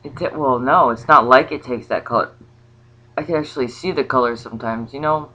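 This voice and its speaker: A woman talking casually about a spiritual ritual, rambling and halting with many restarts. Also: very deep voice, bright, forceful tone, soft background music. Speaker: vlogger. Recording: slightly dull lo-fi sound.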